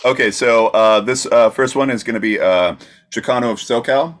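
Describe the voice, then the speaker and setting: A man's voice: medium pitch, normal speed, fairly bright tone. A man co-hosting a podcast, reading out questions in a casual, hesitant way with fillers. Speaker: podcast co-host. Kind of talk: casual chat.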